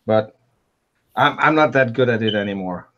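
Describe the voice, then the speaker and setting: A man's voice: mid-range voice, normal speed, a bit bright, dull audio, slight background noise. A man from the Netherlands with a Dutch accent, joking around in a casual group chat.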